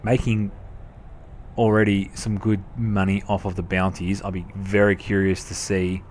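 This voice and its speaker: A man's voice: low-pitched, level tone, normal speed, a little mellow, slight background noise. A young adult man with an Australian accent, casually commentating a game live and chatting with viewers, swearing a lot. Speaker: game streamer.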